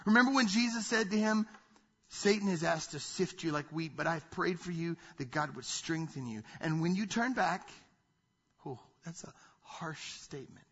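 A male pastor preaching a sermon, animated, acting out quoted voices and dropping to hushed asides. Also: a little high, moderate pace, slightly rough, highs cut off. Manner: animated preaching, acts out quoted voices, drops to near-whispers.

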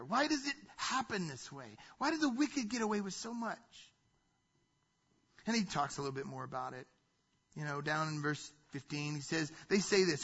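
A man preaching a sermon as pastor, emphatic, with big swings in pitch and volume. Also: sharp tone, slightly rough, lo-fi sound.

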